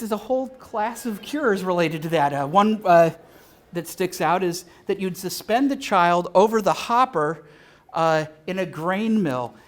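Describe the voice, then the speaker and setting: A man giving a live lecture at a convention, halting often with filler sounds and restarts, and dropping dry, joking asides. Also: high voice. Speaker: convention speaker.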